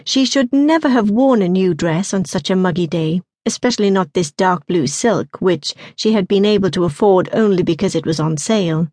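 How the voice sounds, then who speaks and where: A woman's voice: medium pitch, normal speed, few pauses, a little mellow, no room sound. Woman reading a novel, dry and close. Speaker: audiobook narrator. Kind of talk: scripted narration.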